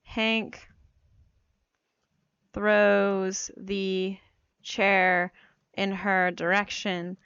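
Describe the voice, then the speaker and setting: A woman explains a writing method in a relaxed, rambling tutorial, filling her talk with "like" and "um" and joking about herself. She is getting over a cold, yet her voice stays smooth and clear. The recording is dry and a little dull in the highs, as from a new home microphone. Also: extremely slow, long pauses, no room sound. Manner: chatty, self-deprecating, many fillers. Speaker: writing coach. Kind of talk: casual screen-share tutorial.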